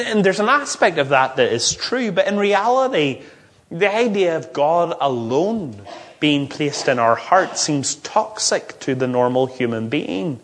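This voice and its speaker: A man preaching a sermon, reading scripture aloud and explaining it with emphatic rises and frequent restarts. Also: fairly high pitch. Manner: expository, with emphatic rising peaks and restarts.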